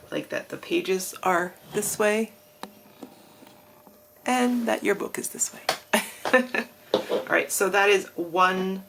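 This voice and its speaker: Gravelly-voiced woman crafting. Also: fairly low pitch, background noise. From Australia. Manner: chatty, rambling, self-deprecating, with frequent fillers. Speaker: craft tutorial host. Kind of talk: casual crafting tutorial.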